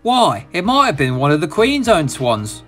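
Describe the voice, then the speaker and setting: A man's voice: a little high, huge pitch swings, moderate pace, a bit bright, faint music behind. A man doing a cheeky, boastful little engine. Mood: smug. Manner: boastful, teasing. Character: cheeky proud young male tank engine.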